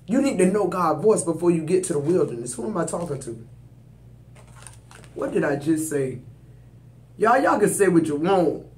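Preachy tarot reader in a roomy space. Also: male voice, a little high, big pitch swings, normal speed, long pauses, a little mellow. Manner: preachy, emphatic, addresses viewers directly. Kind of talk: spiritual tarot reading. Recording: roomy echo.

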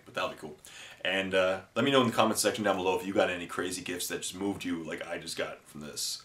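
A low-voiced man in a casual unboxing vlog, so moved he is close to tears. He stumbles and restarts as he gushes. His voice rings in an echoey room. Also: a bit bright. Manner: emotional, effusive and halting, with many restarts. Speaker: miniature wargaming channel host.

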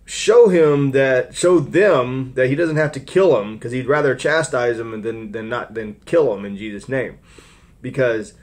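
A man's voice: medium pitch, unhurried. Man rambling through Bible commentary. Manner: rambling, with frequent restarts and fillers. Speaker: Bible teacher. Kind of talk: informal scripture commentary.

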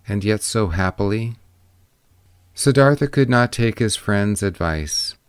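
A man narrating an audiobook in a steady, deliberate storytelling manner. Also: lowish voice, clear, resonant tone, no echo. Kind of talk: scripted narration.

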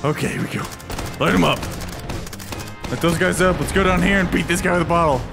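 Excitable male gamer, high and bouncy, commentating over game music. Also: racing. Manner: excitable, chatty, laughs often. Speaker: gaming YouTuber. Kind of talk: gameplay commentary.

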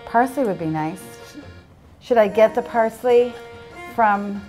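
A woman's voice: fairly high pitch, slow, music in the background. A woman hosting a casual cooking demonstration, chatty and playful with upbeat asides. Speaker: cooking show host.

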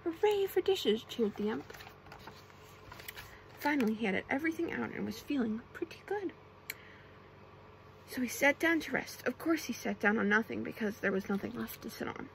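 Brief: young woman, whispered role-play storyteller, soft hushed reading, a touch high, faint hiss behind. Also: animated, moderate pace, gravelly, pauses often, low-quality recording. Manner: soft, often whispered reading with playful character voices. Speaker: ASMR storyteller.

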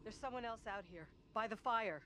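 An actress playing a wary, sharp-tongued woman in a video game. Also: a little high, normal speed, close to an everyday voice. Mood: uneasy. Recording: noisy game ambience.

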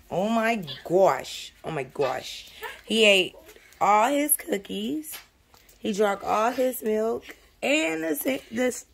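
A woman's voice: mid-range voice, gravelly, fairly bright tone, a little hiss or hum. A young woman, a mother, chatting casually to her camera in a family vlog and often saying "you guys" and "y'all". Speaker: vlogger, working mom of three.

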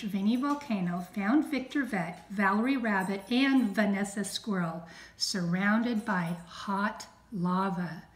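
Slow, echoey teacher reading aloud. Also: female voice, medium pitch. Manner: slow, clear, teacherly, stressing sounds. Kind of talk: reading a storybook aloud to children.

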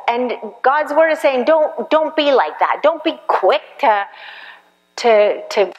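Woman pastor, chatty sermon delivery, mid-pitched voice, long church-hall reverb. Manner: conversational, acts out little quoted voices.

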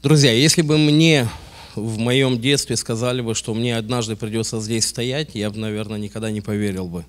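A man's voice: mid-range voice, fairly even intonation, a little fast. Earnest man from Tajikistan testifying. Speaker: speaker at a church service. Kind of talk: formal testimony.

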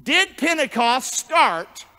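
A male pastor preaching a sermon in call-and-response style, jumping from shouts to low murmurs. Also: big pitch swings, takes it slowly. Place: church sanctuary. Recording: long church hall reverb.

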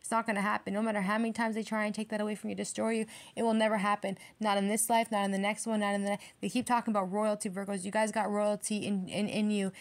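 A woman's voice: medium pitch, level tone, fast talker, few pauses. A woman giving a casual tarot reading in a brash, emphatic way, swearing freely as she talks to her viewers. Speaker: tarot reader.

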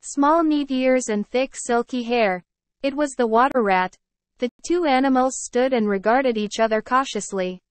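A woman teacher reading a story aloud to children, pausing to explain words. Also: on the high side, no echo. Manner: clear, explaining, addresses children. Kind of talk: read-aloud lesson with word explanations.

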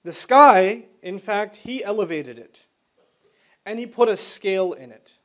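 A man with a fairly high voice delivers a religious lecture to an audience. He is animated and joking, and he walks through his ideas with patient, repeated everyday examples. He often slips into acted-out voices when quoting people. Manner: animated, joking, acts out quoted speech; explains slowly with repeated examples. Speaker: Islamic lecturer.

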